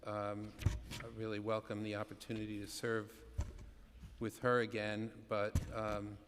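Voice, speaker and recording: An older man speaks slowly in a low, flat voice, pausing often and adding a dry joke. His words echo through a large chamber with faint background noise and clicks. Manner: measured, dry humor, pauses. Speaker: commission member. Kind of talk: formal remarks at a public meeting.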